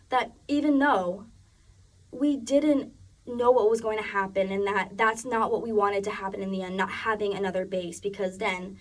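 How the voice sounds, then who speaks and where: A woman's voice: medium pitch, distant mic. A young woman giving a personal narrative speech, chatty and full of restarts. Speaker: student speaker.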